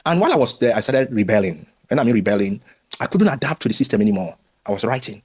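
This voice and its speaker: A man, a former pastor, telling his story candidly in an interview with lively quoted voices. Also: on the low side, fast talker, slightly rough. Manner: animated storytelling, acts out quoted voices, frequent restarts.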